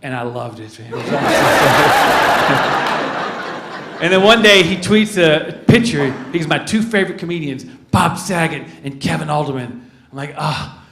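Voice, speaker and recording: Mock-grumpy fifty-something stand-up comedian. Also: male voice, fairly high pitch, lively intonation, fairly bright tone. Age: 50s. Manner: mock-grumpy, crowd work, acts out quick voices. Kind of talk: stand-up set to a live audience. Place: corporate event venue. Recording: roomy venue with audience noise. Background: audience laughing.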